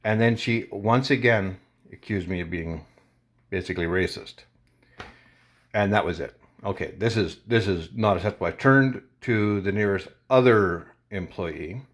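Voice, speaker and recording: A man vlogger casually recounting a confrontation in an animated, indignant way. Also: fairly low pitch, normal speed. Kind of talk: casual storytelling to camera.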